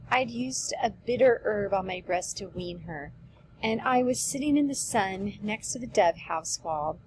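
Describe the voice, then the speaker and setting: A woman's voice: mid-range voice, darkish tone, slight background noise, natural voice, low-quality recording. A woman voicing a talkative, fond old nurse who rambles and repeats herself, reading a play aloud.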